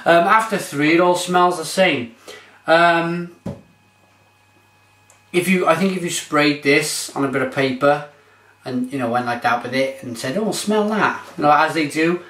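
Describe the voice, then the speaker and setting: A man's voice: on the high side, fairly even intonation, unhurried, pauses often, a bit bright, reverberant. A man reviewing beer on his vlog, gushing and exclamatory as he describes it.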